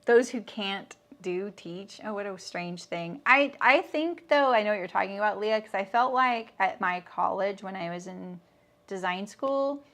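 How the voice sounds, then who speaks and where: This sewing instructor is a middle-aged woman running a live lesson, chatting casually while she sews. Her mid-range voice moves at a moderate pace, and she pauses to respond to viewer comments in a relaxed, friendly, meandering way.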